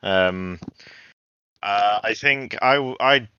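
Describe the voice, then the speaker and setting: A man's voice: fairly low pitch, slow pace, sharp tone, clean tone, lo-fi sound. A man co-hosting a casual podcast, telling rambling anecdotes with restarts and swearing. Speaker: podcast host.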